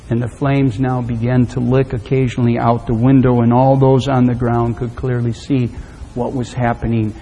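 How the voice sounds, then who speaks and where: A man preaching a sermon, telling a story dramatically and swinging from loud to hushed. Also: mid-range voice, steady tone, moderate pace. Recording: long hall reverb.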